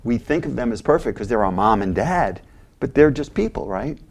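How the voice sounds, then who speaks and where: A man's voice: mid-range voice, moderate pace. An older man, a former mental health agency head, telling stories animatedly as an interview guest. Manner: animated, retells scenes with voices. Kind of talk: interview storytelling.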